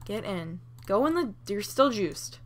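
A young woman hosting a Let's Play, reacting with excited laughs and swearing as she plays. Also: mid-range voice, measured pace. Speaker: gaming channel host.

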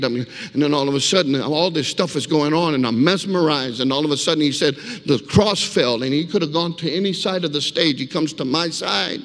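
A man's voice: fairly high pitch, a little fast, few pauses, a bit bright. A man giving a guest sermon with his personal testimony, telling the story vividly and emphatically and calling the congregation for amens. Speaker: guest speaker. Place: church sanctuary. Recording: echoey church hall.

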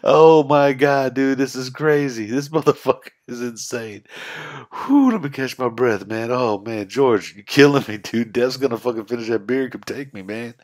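A man's voice: mid-range voice, normal speed, a little mellow. A middle-aged man giving casual reaction commentary, laughing often, swearing freely and talking back to the clip. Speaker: reaction streamer.

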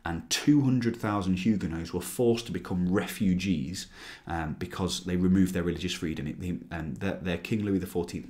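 Low-voiced man teaching a history lesson. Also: darkish tone. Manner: explanatory, with frequent ums and restarts.

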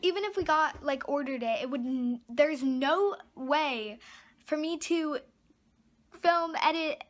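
A teenage girl with a high voice rambles into her phone camera, annoyed and apologetic by turns. She sounds a little stuffed up. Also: takes it slowly. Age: teens. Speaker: vlogger. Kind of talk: casual vlog talk to camera.

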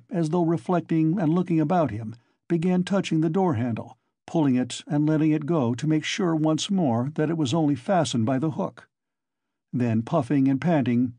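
Man with a dark husky reading voice. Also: fairly high pitch, no echo. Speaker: audiobook narrator. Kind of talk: scripted narration.

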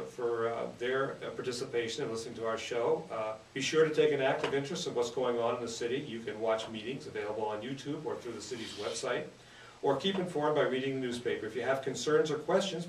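A man hosting a local public radio show, talking with many fillers and restarts. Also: mid-range voice. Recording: roomy, distant mic with noticeable hiss.

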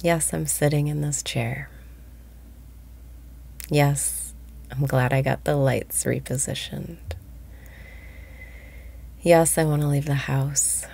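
A woman guiding a meditation, speaking slowly and softly, often breathy and whispered. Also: sits low, fairly even intonation. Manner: slow, soft-spoken, often breathy and whispered. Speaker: meditation guide. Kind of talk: guided meditation.

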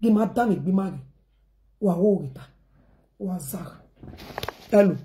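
A woman's voice: medium pitch, measured pace, mellow. A woman with a Nigerian accent talking casually to her viewers in a rambling, repetitive way, mixing in pidgin phrases.

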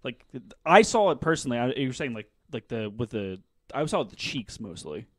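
A man with a Boston accent co-hosting a podcast, chatting excitedly about a movie with lots of "like". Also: medium pitch, fairly quick, dry recording, studio quality. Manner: excitable, full of "like" and restarts. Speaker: podcast co-host. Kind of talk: casual movie review chat.

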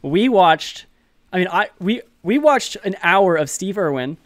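A man co-hosting a podcast in casual chat, laid-back and pausing often with fillers. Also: high-pitched, expressive, fairly bright tone, no echo. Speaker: podcast co-host.

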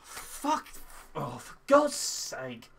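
A young man hosting a gaming video, excitable, swinging from frustrated muttering to loud shouting at the game. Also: high-pitched, very slow, creaky, a little hiss or hum. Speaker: gaming channel host. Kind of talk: let's play commentary.

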